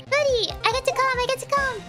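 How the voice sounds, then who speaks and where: A woman doing a bubbly, squeaky little game girl. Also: fairly even intonation, fast, loud music behind the voice. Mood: eager. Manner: bubbly, eager, sing-song. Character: cheerful little girl spirit medium apprentice.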